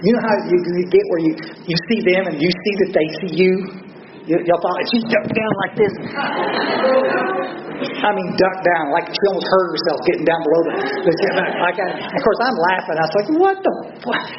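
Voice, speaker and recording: A man's voice: high-pitched, fairly quick, background noise. An older man with a Texan accent giving a blunt, earnest personal testimony at a recovery meeting, telling stories with salty language. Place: large meeting room. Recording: roomy, dull audience recording.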